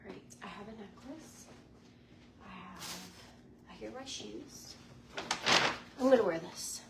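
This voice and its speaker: A woman's voice: medium pitch, slow pace, gravelly. A woman in her forties chatting casually to camera as a lifestyle vlogger, bubbly and chatty with lots of likes and ums. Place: hotel room in Las Vegas. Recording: noticeable background noise.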